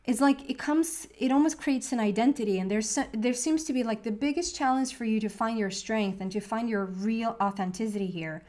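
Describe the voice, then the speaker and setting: A woman with a slightly higher voice gives a casual tarot reading, talking straight to her viewers. She rambles earnestly, leaning on fillers and restarting her sentences, and lets her feelings show. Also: a little fast, hardly any pauses, a little mellow. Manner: earnest and openly emotional. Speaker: tarot reader.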